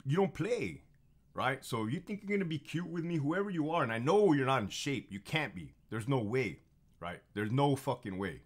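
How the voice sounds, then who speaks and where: A fired-up man in his thirties tells his stories in a blunt, profane monologue. He repeats phrases for emphasis. His pitch swings widely as he gets confrontational. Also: lively intonation, normal speed. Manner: heated and confrontational. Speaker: former prison officer telling stories. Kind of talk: casual monologue storytelling.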